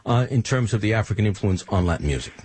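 A man's voice: fairly low pitch, animated, fast talker, darkish tone, breathy edge, no echo. A man hosting a radio show, talking in an emphatic, preachy monologue full of rhetorical questions. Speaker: radio host.

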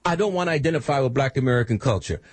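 A man's voice: mid-range voice, expressive, very fast, breathy edge, dry recording. A man hosting a radio show, talking in an emphatic, preachy monologue full of rhetorical questions. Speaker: radio host.

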